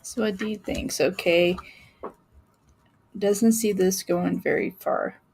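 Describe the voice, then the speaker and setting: A woman giving a live-stream tarot reading in a chatty way, laughing often and filling pauses with ums. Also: medium pitch, fairly even intonation, creaky, a little mellow, slight background noise. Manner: chatty, laughing, many fillers. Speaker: tarot reader.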